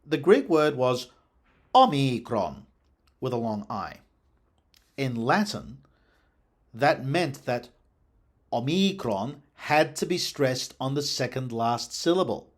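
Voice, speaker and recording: A man giving an explanatory lecture on word pronunciation in a scholarly, animated way. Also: mid-range voice, slow pace. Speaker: lecturer on language history.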